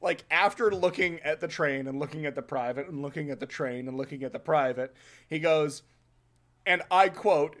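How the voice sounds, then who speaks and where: Profane, animated male podcast storyteller. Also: fairly high pitch, normal speed. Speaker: podcast host.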